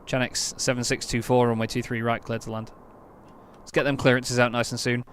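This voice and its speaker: A man from England talks casually on a live stream, thinking aloud and slipping into crisp, clipped radio-controller phrasing. His voice sits at an ordinary pitch, with a faint hiss of background noise under the desk microphone. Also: level tone, brisk, a bit bright. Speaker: streamer playing an air traffic control game.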